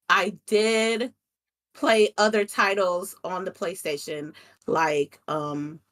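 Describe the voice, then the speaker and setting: A young woman, a content creator, chatting casually as an interview guest, telling stories with animation and casual swearing. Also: mid-range voice.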